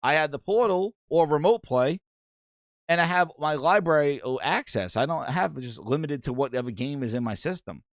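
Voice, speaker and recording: A gaming podcast host with a fairly high voice rants casually at a moderate pace, swearing plenty and reading chat messages aloud. He's animated and profane, captured in clean studio sound with no echo.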